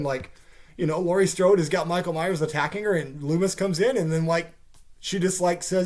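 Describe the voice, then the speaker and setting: A man's voice: high voice, expressive, normal speed. A caffeinated man ranting through a profane TV series review, swearing heavily and sounding exasperated. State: caffeinated, wired.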